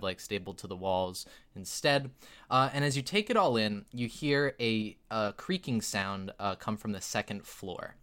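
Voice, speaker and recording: Male game master, bright tone, rambling narration full of fillers. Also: on the low side, clear, resonant tone. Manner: rambling, filler-heavy narration with frequent laughs.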